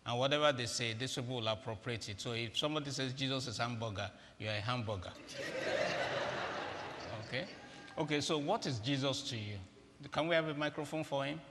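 A man's voice: mid-range voice, fairly quick, fairly bright tone, slight background noise. A man giving a humorous, interactive sermon, directing volunteers on stage in a large auditorium. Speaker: guest preacher. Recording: echoey hall with faint ambience.

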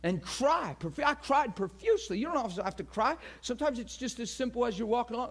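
A man preaching a passionate sermon, swinging from loud, shouted peaks to hushed, near-whispered lines and acting out the crowd with gasps. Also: extremely high pitch, sing-song, a little fast, hardly any pauses. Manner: acts out quoted crowd voices with gasps.

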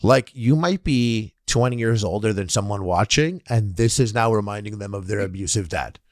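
A man's voice: lowish voice, moderate pace, dry recording, clean studio sound. A man guesting on a podcast, telling stories in casual chat, swearing freely and acting out the people he quotes. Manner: profane, animated storytelling with acted-out quotes.

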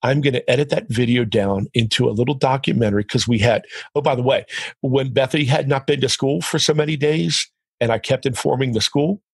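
Middle-aged male guest, raspy and gravelly, animated storyteller. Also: mid-range voice, a little fast, dry recording. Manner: animated, quotes others in dialogue. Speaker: podcast guest. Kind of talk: storytelling in conversation.

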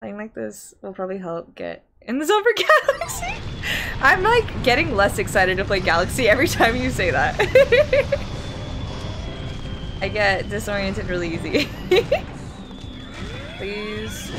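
An Australian woman with a medium-pitched voice streams a platform game live, chatting casually at a measured pace with long pauses. She's excitable, yelping and laughing at the game, while game music and other noise fill the background.

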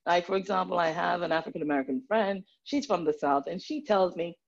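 Nigerian-background woman on a video call, kinda low voice, muffled line, lively. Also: brisk, gravelly. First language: Nigerian English background. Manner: animated, switches into playful put-on accents. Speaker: panelist, doctor. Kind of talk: online panel discussion.

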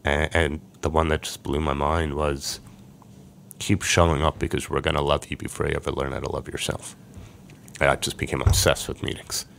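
A man's voice: extremely low pitch, little pitch movement, moderate pace, vocal fry, fairly bright tone, a little hiss or hum. A middle-aged man earnestly telling an emotional personal story as a podcast guest.

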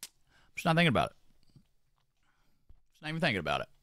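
A man's voice: mid-range voice, wildly swooping pitch, fast talker, bright, forceful tone, no room sound. A young man chatting casually on a livestream while doing his makeup, talking in a profane, slangy, rambling way and repeating his phrases. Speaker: streamer.

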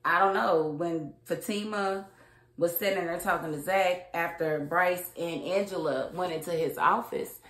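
A TV show reviewer with a lowish, fairly bright voice recaps and reviews an episode a little slowly. She's chatty, colloquial and outspoken, acting out the characters' lines as she goes. The room has an echo.

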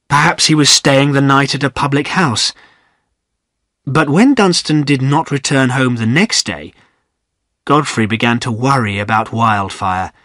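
A man narrating a graded-reader audiobook in a steady, clear storytelling manner. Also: mid-range voice, dry recording, studio quality.

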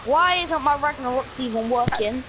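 A man's voice: very high-pitched, normal speed, noisy background. A man, swearing and ranting in casual gaming chat. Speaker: gamer.

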